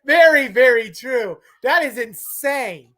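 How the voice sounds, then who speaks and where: A woman's voice: high-pitched, expressive, takes it slowly, fairly bright tone. A woman co-hosting a live wrestling podcast, speaking emphatically and laughing often. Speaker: podcast co-host. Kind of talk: casual wrestling chat.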